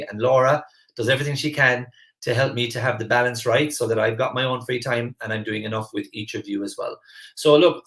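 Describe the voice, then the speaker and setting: Earnest man hosting a coaching class. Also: medium pitch. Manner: earnest, animated, repeats words when starting phrases. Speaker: mentor and masterclass host. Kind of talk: live online coaching class.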